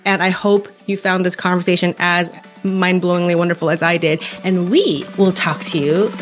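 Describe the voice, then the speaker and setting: A woman's voice: fairly low pitch, steady tone, normal speed, soft background music. Enthusiastic woman podcast host. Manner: emphatic and enthusiastic, casual with swearing. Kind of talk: casual podcast conversation.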